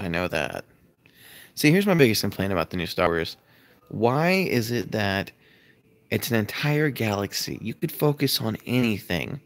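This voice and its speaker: A man chatting casually on a livestream from his loft at home, rambling, yawning and answering viewer comments, recorded on a phone. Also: fairly low pitch. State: sleepy, yawning. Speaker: livestream host. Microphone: phone camera.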